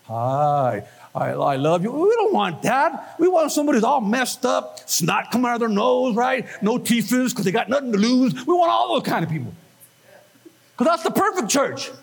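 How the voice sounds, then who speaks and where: A man preaching a lively sermon, animated and quick to act out voices and quoted lines. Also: extremely high pitch, gravelly, breathy edge. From Northern California. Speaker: pastor.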